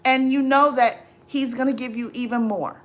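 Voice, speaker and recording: A woman's voice: sits high, fairly even intonation, moderate pace. A woman hosting a livestream, chatting casually to viewers, exasperated and preachy, repeating herself. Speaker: livestream host. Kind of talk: casual live chat, advice to viewers.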